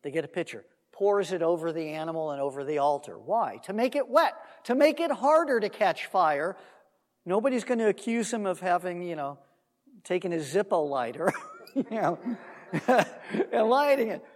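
A man with a notably high voice teaches scripture like a storyteller, acting out the lines of the people in the story. His voice carries a long echo, as from a large hall. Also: moderate pace. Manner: animated storytelling, acts out quotes; undogmatic, conversational asides. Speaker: Messianic teacher. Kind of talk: Bible teaching sermon.

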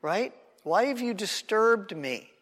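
An old prophet's ghost, annoyed at being disturbed, who throws out incredulous questions, as a man plays him. The voice is pushed up high. A long hall reverb trails behind it. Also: animated, slow pace, a bit bright, slightly rough, full character voice. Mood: exasperated.

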